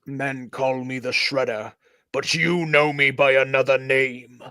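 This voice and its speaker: A man's voice: medium pitch, fairly even intonation, slow pace, sharp tone, clear, resonant tone, no echo, studio quality. A man playing a menacing male ninja villain with a theatrical delivery.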